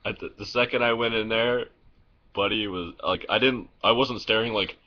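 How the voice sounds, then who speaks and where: A man's voice: on the low side, fairly even intonation, normal speed, highs cut off. A young man vlogging in a casual, rambling way, telling stories full of fillers, restarts and swearing, recorded on a phone. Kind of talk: casual vlog storytelling.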